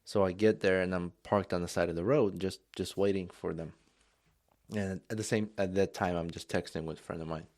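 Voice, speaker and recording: A man's voice: sits low, fairly even intonation, fairly quick, darkish tone. A man co-hosting a casual beer podcast, telling a story and laughing often. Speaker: podcast co-host. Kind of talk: casual chat over beers.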